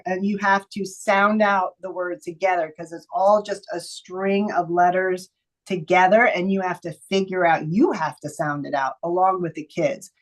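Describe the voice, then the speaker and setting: A woman giving a lively, chatty presentation to teachers, playful and quick to slip into silly voices and sing-song bits. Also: lowish voice, low-quality recording. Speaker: teacher trainer presenting book picks.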